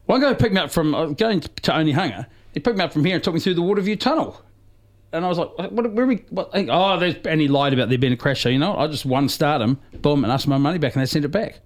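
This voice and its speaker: Lively joking New Zealand radio host. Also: male voice, fairly high pitch, fast talker. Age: middle-aged. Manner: animated, laughing, joking storyteller. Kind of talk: casual on-air banter. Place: radio studio.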